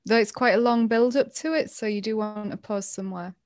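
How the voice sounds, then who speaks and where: A woman in an online class on a video call, thinking aloud and pausing with hums. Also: medium pitch, no room sound, clean studio sound. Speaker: webinar participant. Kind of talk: casual discussion.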